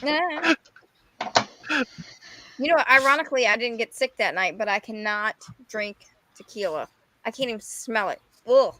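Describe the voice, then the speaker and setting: A woman's voice: on the high side, expressive, normal speed, pauses often, sharp tone, no echo, poor audio. A woman chatting casually with friends in an online hangout, teasing and laughing often. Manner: giggly and teasing. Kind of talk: casual group chat.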